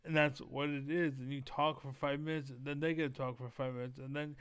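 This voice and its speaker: A man's voice: medium pitch, level tone, fairly quick, fairly bright tone, clean tone, dry recording. A man giving heated, profane commentary while reacting to a video, keyed up and leaning on fillers like "basically.". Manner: profane, blunt, many fillers like 'basically'. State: keyed up, energetic.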